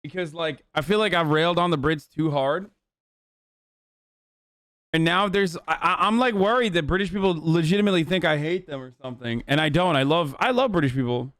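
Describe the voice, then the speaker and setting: A man's voice: on the high side, fairly quick, a bit bright, no echo. A man on a livestream talking in loose, profane, rambling casual chat into a close mic.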